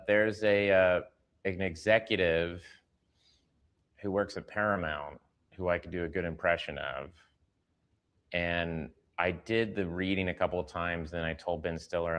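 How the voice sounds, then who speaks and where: Low-voiced man telling a story. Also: fairly even intonation, fairly bright tone. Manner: storytelling, slips into quick impressions of others. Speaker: actor telling a set story. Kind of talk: anecdote in an interview clip.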